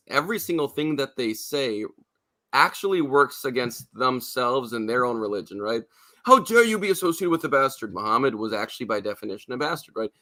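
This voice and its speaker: Male panelist, bright tone, argumentative with rhetorical asides. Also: mid-range voice. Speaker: panel guest. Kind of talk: casual panel discussion.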